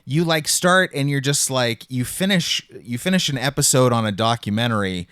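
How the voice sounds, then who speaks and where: A man co-hosting a podcast in casual chat, animated and joking, often slipping into impressions. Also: medium pitch, moderate pace, smooth, no echo, studio quality. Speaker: podcast co-host.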